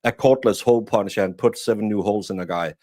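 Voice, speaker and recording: A man's voice: on the low side, quick pace, darkish tone. A man from Denmark, a guest commentator in casual conversation, who often stalls and repeats words while thinking.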